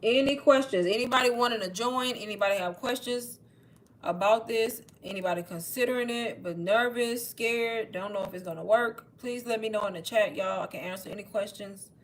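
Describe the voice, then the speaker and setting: A woman's voice: medium pitch, moderate pace, slight background noise. A young woman hosting a casual livestream, chatty and persuasive, a bit out of breath and saying "y'all" all the time. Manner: chatty, says "y'all" constantly. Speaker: online course seller hosting a livestream. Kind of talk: casual livestream sales pitch.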